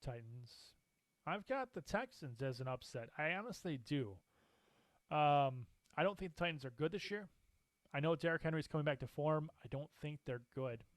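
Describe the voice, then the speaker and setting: A man co-hosting a casual sports talk show, animated and opinionated, laughing often as he makes his picks. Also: on the high side, moderate pace, dry recording. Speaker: co-host.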